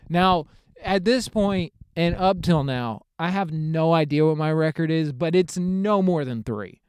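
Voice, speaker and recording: A man's voice: fairly high pitch, expressive, measured pace, clear, resonant tone, no room sound, studio quality. Rambling, profane young man. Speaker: podcast host. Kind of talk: comedic storytelling.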